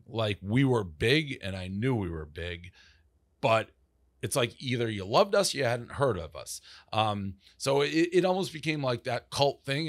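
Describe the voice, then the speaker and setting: A man's voice: fairly low pitch, no echo, clean studio sound. A man talking as a podcast guest about founding his company, rambling and profane, with lots of "like" fillers. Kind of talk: casual interview storytelling.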